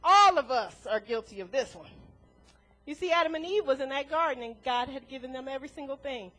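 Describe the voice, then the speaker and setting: Very high-voiced woman preaching. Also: a little fast, rough recording. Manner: animated, laughing often, acting out quoted voices. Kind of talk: sermon.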